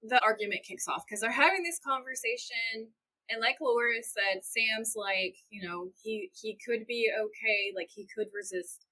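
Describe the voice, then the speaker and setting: Recorded in low quality, a young woman on a podcast animatedly recaps scenes in casual chat as a co-host, quoting the characters in her own voice. Her voice is on the high side, bright and forceful, at a normal speed.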